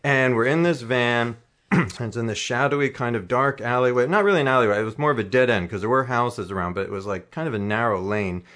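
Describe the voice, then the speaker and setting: A man's voice: mid-range voice, fairly quick, a bit bright. A man in a mid-range voice tells a comic personal anecdote. He rambles, doubles back and mocks himself, chuckling along the way. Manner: rambling, self-mocking, laughs through his telling. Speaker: storyteller.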